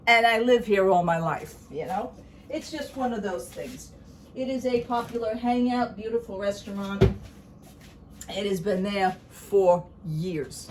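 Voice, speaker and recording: A vlogger with a medium-pitched voice and measured pace chats casually to camera, telling a long story and acting out both sides of a conversation. She laughs often, and the background is noisy.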